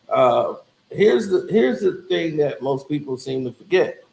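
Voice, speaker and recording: A man's voice: a little high, very animated, a little slow, gravelly, a little mellow, echoey room, rough recording. A man hosting casual commentary in a laid-back, conversational way.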